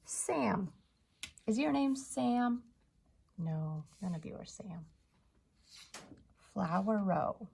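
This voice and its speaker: A woman teacher leading a children's phonics lesson, slowly sounding out letters and blending them into words with gentle encouragement. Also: mid-range voice, expressive, creaky, breathy edge. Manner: gentle, encouraging teacher talk to young kids.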